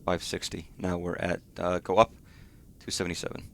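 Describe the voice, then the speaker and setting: Low-voiced man muttering through gameplay. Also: monotone, a little fast, gravelly, fairly bright tone, slight background noise. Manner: swears freely, startled muttering to himself. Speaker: game streamer. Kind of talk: casual gameplay commentary.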